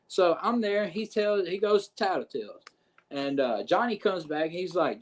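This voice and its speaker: A man telling a backstage wrestling story on a podcast, animated and profane, acting out what others said. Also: high voice, a little slow. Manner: profane, animated retelling with quoted voices. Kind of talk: casual storytelling.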